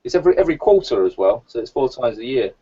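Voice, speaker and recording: A young man co-hosting a casual stream, relaxed and rambling with fillers. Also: medium pitch, rapid-fire, slightly rough. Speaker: co-host. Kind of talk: casual live-stream chat. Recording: dull lo-fi stream audio.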